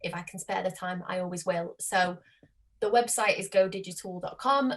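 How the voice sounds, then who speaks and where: A woman's voice: on the low side, normal speed. A British woman, a marketing agency head, talking casually and enthusiastically as a podcast guest. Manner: chatty and enthusiastic.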